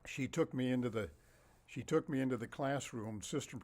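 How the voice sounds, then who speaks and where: A man telling a story from his own childhood in a casual way, lively and animated, often laughing as he talks. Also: mid-range voice, normal speed. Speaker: storyteller and author.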